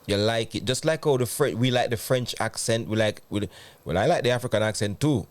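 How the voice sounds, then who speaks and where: A man with a Jamaican accent explains his view in a measured way, using patois grammar. His mid-pitched voice is recorded dry and close. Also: dry recording. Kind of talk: casual group discussion.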